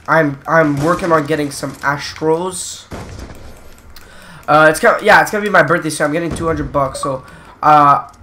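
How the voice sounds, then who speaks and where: A man's voice: a little high, bright, forceful tone, slight background noise. A man giving casual gameplay commentary who rambles between topics and grows frustrated, swearing at the game. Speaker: gaming channel host.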